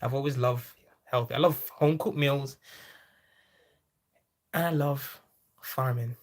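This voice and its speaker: A man hosting a farming livestream. He chats casually and reads out viewer comments, breaking into sudden high-pitched exclamations. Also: steady tone, measured pace. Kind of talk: casual live chat, reading viewer comments.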